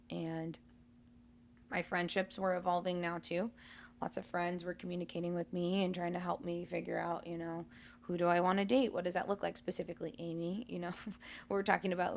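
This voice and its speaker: A woman co-hosting a conversational podcast, reflecting candidly on her past in a relaxed, storytelling way. Her voice sits a little low and crackles with gravelly fry. She talks easily, with small fillers along the way. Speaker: podcast co-host.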